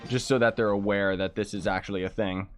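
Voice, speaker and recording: A man chatting casually during a live game stream, ranting in frustration and breaking into quick exclamations. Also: fairly low pitch, steady tone, faint music behind. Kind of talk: casual live-stream chat while gaming.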